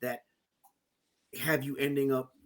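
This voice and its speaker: A man hosting a podcast, summarizing the guest's story in a measured way before asking his question. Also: mid-range voice, level tone. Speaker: podcast host. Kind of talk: interview questions.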